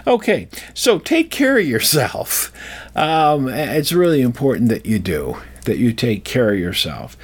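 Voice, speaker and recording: A man's voice: mid-range voice, very animated, a little slow, breathy edge. An older man talking casually and wandering off track, often restarting his sentences as he tells a personal story and gives advice. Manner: digressive, self-interrupting storyteller. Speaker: speaker giving life advice. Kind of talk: casual rambling monologue.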